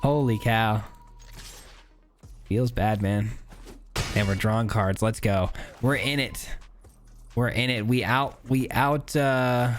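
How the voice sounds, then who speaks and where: A man's voice: mid-range voice, fairly even intonation, takes it slowly, long pauses, soft background music. A man giving casual, chatty commentary on his own gameplay, thinking aloud with many filler words. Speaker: gaming YouTuber.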